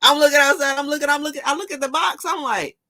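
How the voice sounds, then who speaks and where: A woman hosting a casual chat, telling stories in an animated way, laughing often and swearing casually. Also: sits high, quick pace. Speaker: show host.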